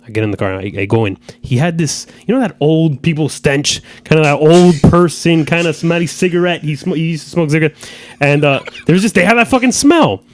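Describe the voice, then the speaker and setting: A man's voice: a little high, expressive, a little fast. A man hosting a podcast, telling a story in casual chat, rambling and repeating himself, with some swearing. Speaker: podcast host. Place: podcast studio.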